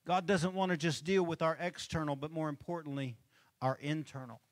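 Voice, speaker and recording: The preacher's voice is on the high side, with fairly even intonation and a slightly fast pace, captured in a dry recording. He talks to the congregation conversationally from the stage, checking for amens and chuckling between points.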